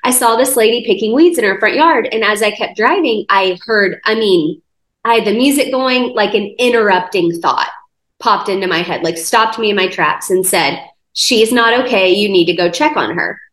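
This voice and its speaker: A woman's voice: mid-range voice, moderate pace. Chatty woman telling a story in an echoey room. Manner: lively retelling with many "like" fillers. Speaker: guest sharing a testimony. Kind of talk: conversational storytelling. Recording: roomy echo.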